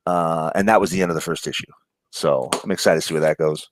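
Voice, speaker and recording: Sitting low with a steady tone, he talks fast, a New Yorker with a New York accent in a casual comics chat full of fillers, profanity and laughter. His manner is rambling, and the low-quality recording carries a little hiss or hum.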